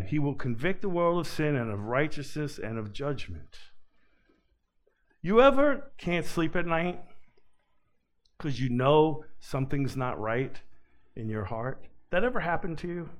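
A man preaching a sermon as pastor, earnest and emphatic, rising to loud urgency and dropping to quiet pleading. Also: a little high.

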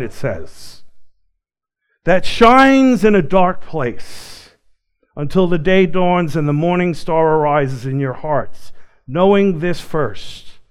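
A man preaching a sermon, swinging between loud, excited passages and quiet, hushed ones. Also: a little high, smooth. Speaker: pastor.

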